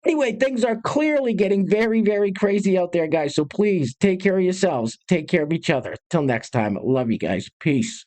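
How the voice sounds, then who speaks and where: Host: a man, brisk and sarcastic, casual commentary to camera. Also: high voice, a little mellow. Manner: brisk, sarcastic, addresses viewers directly.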